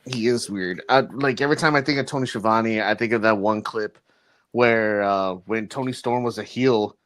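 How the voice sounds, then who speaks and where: A man's voice: on the low side, normal speed, a bit bright. A young man co-hosting a casual podcast, talking loosely and with slang and profanity. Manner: loose, slangy, profane, calls his co-host dude. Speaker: podcast co-host. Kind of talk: casual chat.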